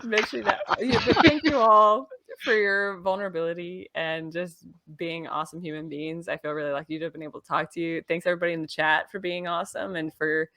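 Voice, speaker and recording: Woman hosting a video chat, lowish voice, laughs a lot, leads a breathing bit. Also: brisk. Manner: warm, appreciative, laughs often. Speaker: host. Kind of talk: casual chat on a video call. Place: home, on a video call.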